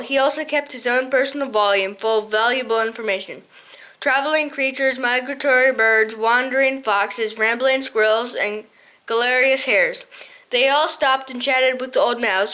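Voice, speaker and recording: A woman reading a children's novel aloud as an audiobook, halting and often restarting words. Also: high voice, sharp tone, rough recording. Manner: halting, frequent slips and restarts. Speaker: audiobook reader.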